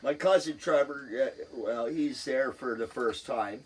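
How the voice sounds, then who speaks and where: A man's voice: medium pitch, measured pace, distant mic, a crowd in the background. A man with a Cape Breton accent, co-hosting a podcast. He talks in an easygoing, casual way and swears freely. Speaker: podcast co-host. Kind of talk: casual chat. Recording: a bit off-mic, faint background hiss.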